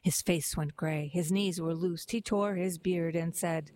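A woman volunteer reader reciting poems in a measured, expressive way. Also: on the low side. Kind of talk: reading poetry aloud.

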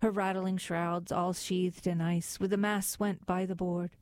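A woman reading poetry aloud with a measured, rhythmic recitation. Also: lowish voice, little pitch movement, darkish tone, dry recording. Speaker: reader.

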